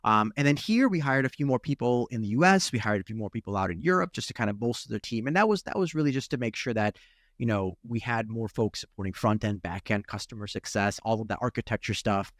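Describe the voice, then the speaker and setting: A man's voice: mid-range voice, lively intonation, quick pace, no echo. Guy with a chicago accent, ukraine-born, 30s, chatty interview talk, dry sound. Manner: lots of restarts and "right?" tags. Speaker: startup CEO guest. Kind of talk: interview conversation.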